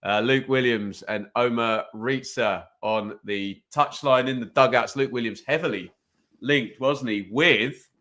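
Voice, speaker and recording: A man's voice: mid-range voice, measured pace, pushed and bright. A man hosting a live football watch-along stream, chatting casually, reading out viewer comments and calling the match loosely. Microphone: desk microphone.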